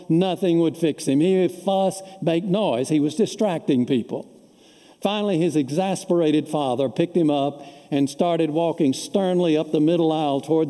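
A man's voice: on the high side, warm tone. A male pastor preaching a sermon, telling folksy anecdotes to make his points. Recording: long reverb of a large hall.

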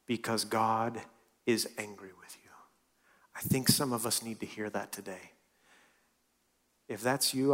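A man preaching a sermon in a church, swinging from loud and lively to hushed and soft. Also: mid-range voice. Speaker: pastor.

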